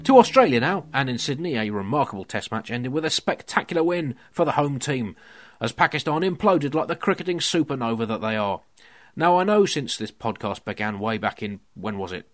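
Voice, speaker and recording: A man's voice: mid-range voice, lively intonation, fairly quick. A man hosting a comedy podcast, delivering a scripted monologue in a dry, mock-serious way. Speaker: podcast host. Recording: music playing underneath.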